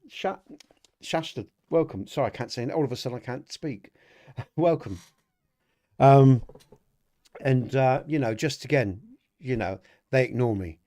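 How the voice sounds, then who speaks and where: A man's voice: mid-range voice, mellow. A middle-aged man hosting a casual livestream podcast, rambling and chatty, laughing often and talking to viewers in the chat. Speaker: podcast host.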